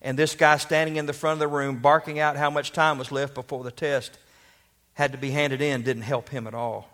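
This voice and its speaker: A man's voice: medium pitch, little pitch movement, moderate pace, a bit bright. A man preaching a sermon, telling a story and asking rhetorical questions.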